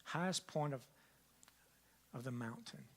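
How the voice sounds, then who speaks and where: An older man preaching a sermon as pastor, swinging from loud emphatic lines to hushed whispers and repeating key phrases for emphasis. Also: medium pitch, a little slow.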